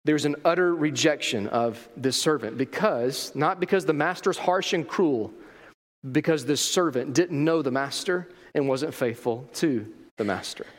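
A man's voice: a little high, measured pace, long reverb tail. A man delivering a sermon as a pastor, emphatic and full of rhetorical questions.

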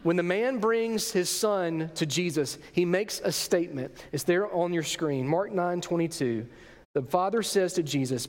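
High-voiced preacher in an echoing hall. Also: male voice, moderate pace. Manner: emphatic, rhetorical questions, dramatic swings in pitch and loudness. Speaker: pastor. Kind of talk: sermon.

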